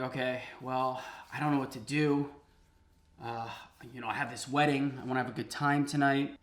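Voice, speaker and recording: Male cooking host with a bright, upbeat voice, spinning comic stories with lots of laughs. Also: medium pitch. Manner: animated, laughing, conversational. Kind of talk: comic storytelling while cooking.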